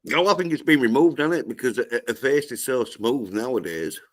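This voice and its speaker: A man co-hosting a casual podcast, talking haltingly and swearing constantly. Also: medium pitch, lively intonation. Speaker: podcast co-host. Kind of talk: casual crude banter.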